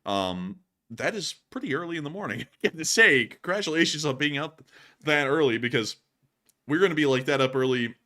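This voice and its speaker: Bright-voiced young male streamer. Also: a little high, lively intonation, a little fast. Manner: loose and rambling, laughs easily. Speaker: host of a news livestream. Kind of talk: casual livestream chat.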